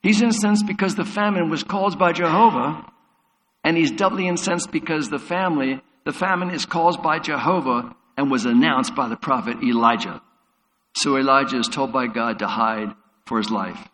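A man's voice: mid-range voice, moderate pace, a bit bright. A man preaching a sermon as a pastor, retelling Bible stories vividly. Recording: long hall reverb.

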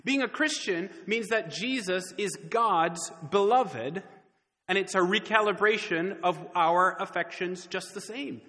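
A man preaching an earnest sermon, slowing down and pausing for emphasis. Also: sits high, bright, forceful tone, long reverb tail. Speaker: pastor.

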